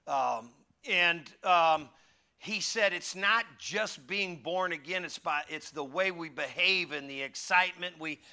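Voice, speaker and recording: High, bright, gravelly-voiced male pastor. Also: measured pace. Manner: animated, shifts from loud calls to hushed asides. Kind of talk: conversational sermon with humorous stories.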